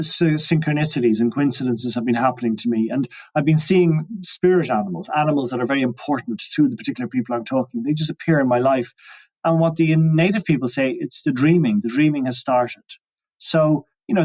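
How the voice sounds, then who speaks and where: A man's voice: medium pitch, a little mellow, low-quality recording. A man talking as an interview guest, musing and reflective, often restarting his sentences. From Ireland. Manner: musing, many restarts and trailing phrases.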